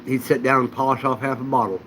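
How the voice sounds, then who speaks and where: A man of average pitch hosting a relaxed livestream, wandering from one story to the next. He talks in an easygoing, anecdotal way, and a faint hum sits behind him. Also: quick pace, rough recording. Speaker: channel host. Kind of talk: casual livestream chat.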